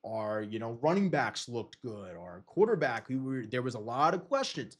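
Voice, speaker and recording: A young man hosting a podcast, rambling through casual sports talk in an excitable way and swearing freely. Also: mid-range voice, normal speed. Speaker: podcast host.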